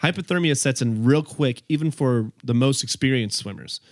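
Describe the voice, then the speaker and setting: A man narrates a history story for his podcast friends in a loose, casual way, laughing and stumbling over his notes. His voice sits at an ordinary middle pitch, recorded close and dry. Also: normal speed, no room sound. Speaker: podcast host telling the story.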